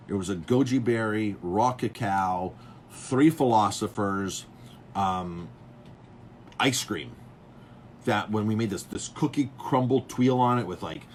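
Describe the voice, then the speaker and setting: With a voice on the low side and slight background noise behind him, a man who is a chef and restaurant owner spins rambling beer stories in casual chat. He's an animated storyteller who voices others' lines, and his talk is full of fillers and restarts.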